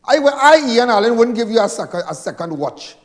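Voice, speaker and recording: A man's voice: very high-pitched, big pitch swings, brisk. A Trinidadian man giving a fiery political rally speech in a large hall, emphatic, mocking and repeating his points.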